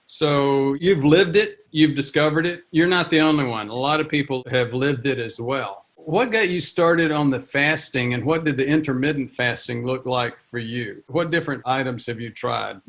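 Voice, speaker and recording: A man's voice: mid-range voice, normal speed, few pauses, fairly bright tone. A man interviewing a guest, explaining background and asking follow-up questions. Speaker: interviewer, doctor. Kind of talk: conversational interview.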